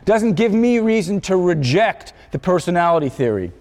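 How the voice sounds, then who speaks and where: Man lecturing on philosophy, high voice, lively pitch, casual and thoughtful, reverberant lecture hall. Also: moderate pace. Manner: thoughtful, conversational, self-correcting. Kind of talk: university lecture.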